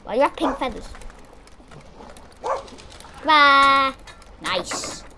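A woman giving excitable, chatty let's-play commentary, exclaiming as she plays. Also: high-pitched, drawn-out words, over music. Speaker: gamer.

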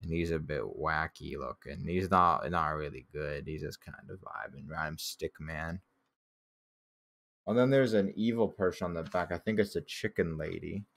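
A man's voice: very deep voice, normal speed, gravelly, fairly bright tone. A young man casually commenting on his old childhood drawings, laid-back and joking, swearing now and then and laughing at himself.

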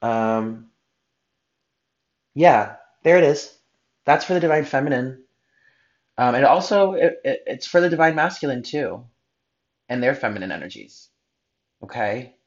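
A man's voice: medium pitch, animated, measured pace, pauses often, dull audio. A man giving a spiritual tarot reading in an earnest, heartfelt way, sometimes blunt. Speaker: tarot reader.

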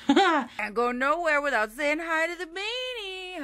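Woman beauty vlogger, casual and giggly, rambling asides; voice a touch high. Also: expressive, measured pace, bright, forceful tone. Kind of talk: casual chat. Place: camper.

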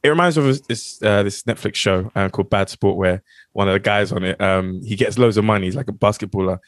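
A man's voice: lowish voice, a little fast, no room sound, clean studio sound. A man with a South London accent hosting a podcast, joking and telling a story with many fillers. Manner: jokey, pun-making, hesitant with many fillers. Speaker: podcast host. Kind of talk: casual chat, telling a news story.

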